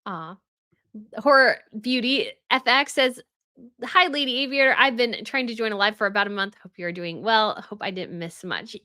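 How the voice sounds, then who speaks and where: A woman's voice: fairly high pitch, moderate pace, sharp tone, dry recording, studio quality. A woman hosting a casual livestream, chatting with viewers and reading their comments aloud, often laughing as she goes. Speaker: royal news livestream host.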